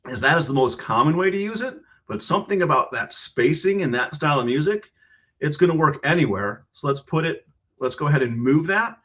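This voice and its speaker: A man's voice: fairly high pitch, fairly bright tone. A man who teaches guitar, explaining rhythm and counting subdivisions aloud while checking in with the listener. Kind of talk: explaining and demonstrating a lesson. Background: guitar playing.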